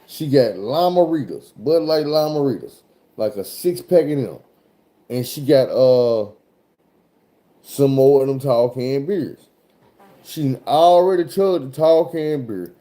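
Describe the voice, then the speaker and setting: Profane man with a very dark voice. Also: mid-range voice, takes it slowly. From Arkansas, USA. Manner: animated, profane, swears often. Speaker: truck driver telling a road story. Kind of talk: casual profane storytelling.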